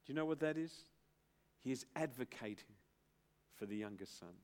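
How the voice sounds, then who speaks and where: A man's voice: medium pitch, expressive, a little mellow. Emphatic middle-aged male pastor preaching. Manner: emphatic, with pauses and dramatic build-ups. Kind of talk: sermon.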